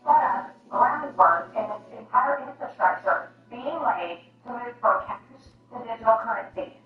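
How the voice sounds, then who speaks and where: A woman in Congress speaking in an interview, urgent and emphatic, with an indignant edge. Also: on the high side. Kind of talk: political interview statement. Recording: echoey, distant, dull, faint music.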